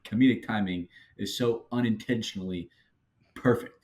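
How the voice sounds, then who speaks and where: Low-voiced man, rambling casual chat. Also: normal speed, darkish tone. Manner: rambling, lots of fillers and hesitation. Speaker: podcast co-host.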